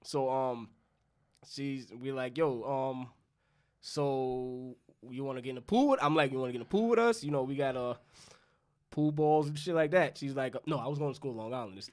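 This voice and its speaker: A man's voice: medium pitch, smooth. Young man telling a profane story. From New York. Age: young adult. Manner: loose, profane storytelling, acting out both sides of dialogue. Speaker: podcast co-host. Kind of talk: casual storytelling chat.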